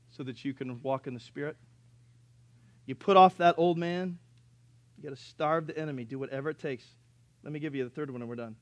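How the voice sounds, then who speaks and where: A man in his thirties preaching a sermon, telling folksy stories with joking asides and rising to loud, emphatic preaching. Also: on the high side, no echo. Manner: swings from quiet storytelling to loud preaching. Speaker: pastor.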